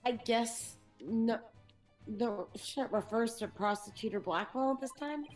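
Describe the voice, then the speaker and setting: High-pitched woman reacting quickly. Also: soft background music. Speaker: co-player. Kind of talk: casual gameplay banter.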